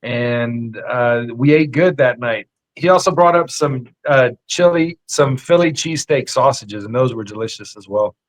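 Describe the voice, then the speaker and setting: A man's voice: mid-range voice, normal speed, hardly any pauses, low-quality recording. A man who is a chef, a guest on a podcast, talking in an easygoing casual way with lots of "uh" and "man". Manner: easygoing, says "man" and "uh" a lot. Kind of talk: casual chat.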